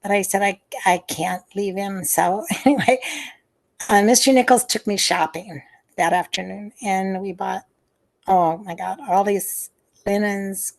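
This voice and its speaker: A woman's voice: mid-range voice, fairly even intonation, unhurried, creaky. An older woman, a former nurse, recalling memories in an interview over a video call, hesitant and full of fillers and restarts. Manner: hesitant, many fillers and restarts, soft sighs.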